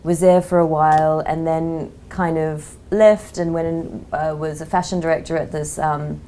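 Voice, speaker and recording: Low-voiced Australian woman, chatty and frank. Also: flat delivery, normal speed, mellow, slight background noise. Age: 30s. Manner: chatty, frank, many "like" and "um" fillers. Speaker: magazine editor, podcast guest. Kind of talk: casual interview chat.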